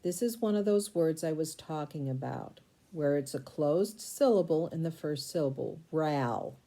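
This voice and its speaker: A woman teaching a recorded spelling lesson, sounding out syllables slowly and spelling words letter by letter. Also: sits low, animated, warm tone.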